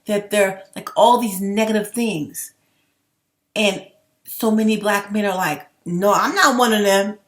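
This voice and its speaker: Young adult woman, passionate commentary rant, plain-spoken and profane. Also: medium pitch. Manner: blunt, swears, rambling and passionate. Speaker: commentary vlogger. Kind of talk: heated opinion rant to camera.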